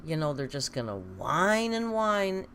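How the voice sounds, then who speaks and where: Playful woman livestreamer with a low voice. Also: very animated, measured pace, fairly bright tone, slight background noise. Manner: playful, chatty, coos at her pet. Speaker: livestream host. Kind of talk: casual live-stream chat.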